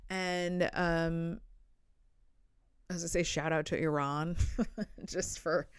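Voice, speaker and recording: Rambling woman comedian with a smooth, dry voice. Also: on the low side, steady tone, takes it slowly, no room sound. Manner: rambling, blunt, self-deprecating. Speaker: podcast host, comedian. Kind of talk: casual solo comedy podcast. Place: indoors, sitting on the floor.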